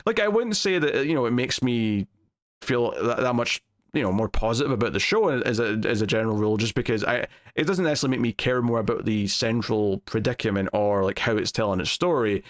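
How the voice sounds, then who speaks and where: A man talks through a TV episode in a loose, unscripted review. He circles back and restarts often, filling the gaps with "like" and "um". His voice sits in an ordinary middle pitch. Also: lively intonation, a little fast. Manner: rambling, many fillers and restarts. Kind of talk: casual spoken review.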